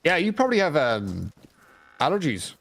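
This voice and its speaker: A man chatting casually with a friend in an easygoing, relaxed way. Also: on the high side, normal speed, vocal fry. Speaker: friend on call. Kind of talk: casual chat.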